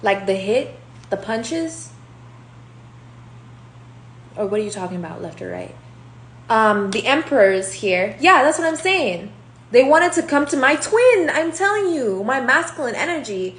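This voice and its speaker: A woman's voice: a little high, fairly bright tone. A brash young woman reading tarot cards in a loose, rambling rant, swearing and calling people out as she goes. She is recorded in a roomy, echoey space with a faint hum underneath. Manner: profane and confrontational, rambling. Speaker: tarot reader.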